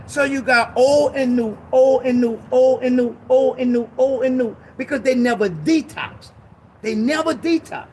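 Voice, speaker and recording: On a ministry show, a man with an extremely high-pitched voice talks in an impassioned, preachy way, emphatic and repetitive, sometimes rising to shouts. He uses casual slang and conversational street language, with slight background noise.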